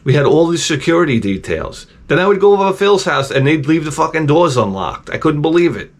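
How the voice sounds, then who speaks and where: A man's voice: a little high, big pitch swings, fairly quick. A middle-aged man hosting his own channel, telling rambling, profane stories in a casual, digressive way. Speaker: channel host.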